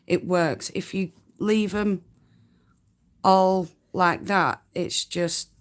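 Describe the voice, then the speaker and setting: A woman's voice: on the low side, steady tone, extremely slow. Yorkshire lass hosting a live spinning stream, chatty and homely, laughs a lot, takes her time. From North Yorkshire, England. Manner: chatty, laughs often, homely turns of phrase. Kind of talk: casual live-stream tutorial chat.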